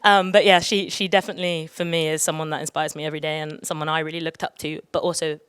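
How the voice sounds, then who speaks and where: A woman's voice: low-pitched, little pitch movement, fast talker, fairly bright tone, clean tone, no room sound. A young woman speaking on a conference panel, chatty and emotional, often laughing. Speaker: panelist, athlete. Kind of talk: panel discussion.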